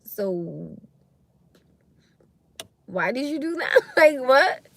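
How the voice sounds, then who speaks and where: A woman's voice: high voice, sing-song, drawn-out words, creaky, fairly bright tone. Blunt young woman on a livestream. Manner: blunt, opinionated, reacting to viewer comments. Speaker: livestream host. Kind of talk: casual livestream chat. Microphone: phone or webcam livestream.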